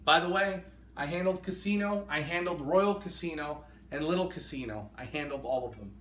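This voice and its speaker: A man's voice: on the high side, moderate pace, a bit bright. A man co-hosting a live pigeon auction, enthusiastically appraising each bird he handles. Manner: enthusiastic, appraising birds in hand. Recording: roomy sound from a distance.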